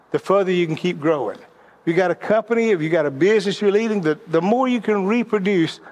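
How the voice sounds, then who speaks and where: A man's voice: sits high, a little mellow. A middle-aged man giving sermon-style leadership teaching, telling stories and often repeating words as he restarts his sentences.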